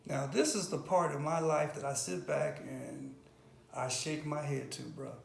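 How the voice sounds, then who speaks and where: A man's voice: fairly high pitch, fairly even intonation, measured pace, creaky, echoey room, a little hiss or hum. A middle-aged man telling his life story in an interview, earnest and emphatic, often tagging "right?" and "bro". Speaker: interview guest. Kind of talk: candid personal interview.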